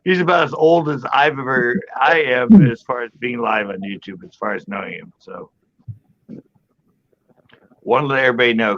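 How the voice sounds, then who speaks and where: A man hosting a live online panel, rambling casually as he thinks out loud and chuckling often. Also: mid-range voice, gravelly. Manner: rambling, talks through his thoughts, chuckles often. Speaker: host of a live panel stream. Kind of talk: casual chat. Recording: muffled audio with faint background noise.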